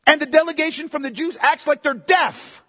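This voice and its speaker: High-voiced preacher in a reverberant hall. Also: male voice, brisk, pushed and bright. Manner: conversational, emphatic preaching with frequent repeats and asides of "man". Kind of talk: sermon.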